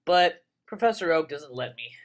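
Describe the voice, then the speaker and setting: A young man giving casual, rambling commentary on a game he plays, excitable and full of crude jokes. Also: a little high, moderate pace. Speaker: let's player.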